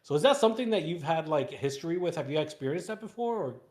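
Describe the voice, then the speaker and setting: A man's voice: on the high side, animated, fast, a little mellow. A man hosting a live trading stream, chatting casually and rambling, repeating words and swearing now and then.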